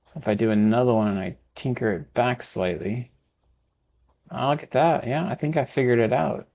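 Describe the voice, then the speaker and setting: A man from Texas narrates his city-building session in a relaxed, chatty way. He mutters to himself as he works, his voice sitting at an ordinary middle pitch. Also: moderate pace, vocal fry, muffled recording. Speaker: gaming video host. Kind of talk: casual let's-play commentary.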